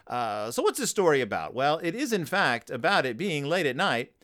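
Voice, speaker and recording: A tired man hosts a casual podcast, talking through a picture book in a rambling, wry way and interrupting himself often. His voice sits a bit high and swings widely in pitch. He drops into quick put-on voices when he paraphrases characters. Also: very animated, fairly bright tone. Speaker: podcast host. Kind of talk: casual book review chat.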